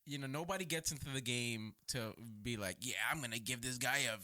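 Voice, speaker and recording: A man's voice: medium pitch, a little fast, bright, forceful tone, dry recording. A man, a police officer and podcast co-host, talking profanely and laughing easily in casual chat.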